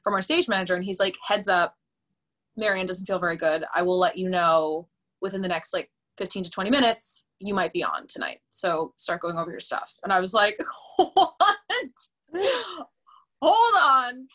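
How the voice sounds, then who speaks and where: A young woman in her twenties, a podcast guest, telling a story in a casual, animated way with lots of fillers. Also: on the low side, brisk. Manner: animated and chatty, many fillers, laughs often. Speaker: podcast guest, musical theater performer.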